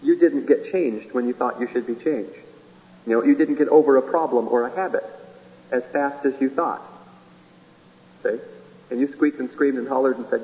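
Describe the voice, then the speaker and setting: A man's voice: mid-range voice, normal speed, long pauses, dark tone, in a large hall, muffled recording. A man preaching a sermon in a folksy way, chuckling often and acting out little dialogues.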